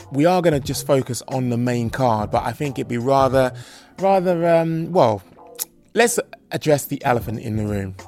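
A man hosting a casual chat, measured and thoughtful, with some hesitant restarts. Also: fairly high pitch, darkish tone. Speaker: podcast host and interviewer. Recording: dull lo-fi sound with faint music.

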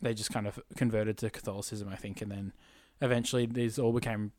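A man's voice: fairly low pitch, level tone, fast, darkish tone, no echo, studio quality. A man co-hosting a casual podcast, sharing facts in a chatty way, laughing often and trailing off mid-sentence. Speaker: podcast co-host presenting facts. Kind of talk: casual chat.

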